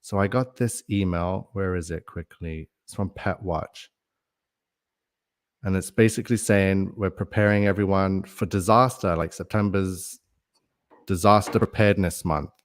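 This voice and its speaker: A man's voice: sits low, steady tone, a little slow. A man hosting a casual livestream, rambling in a conspiratorial way and reading out viewer comments between his own thoughts. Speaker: livestream host.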